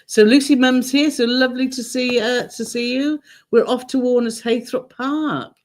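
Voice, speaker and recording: A woman from Britain co-hosting a casual travel live stream, chatty and quick to laugh as she reads out viewer comments. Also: high-pitched, steady tone.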